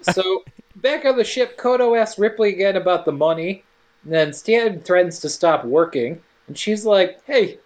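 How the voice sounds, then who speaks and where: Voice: medium pitch, animated, normal speed. A co-host recapping a film scene by scene in casual chat, sarcastic and playful, acting out characters' lines. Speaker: podcast co-host. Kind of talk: casual movie recap narration.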